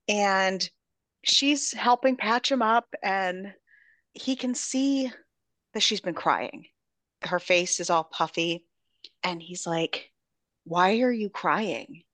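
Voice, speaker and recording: Lively woman retelling a book. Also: mid-range voice, slow pace, no echo. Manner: animated storytelling, jumps into characters. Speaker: book club podcast host. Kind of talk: casual book recap.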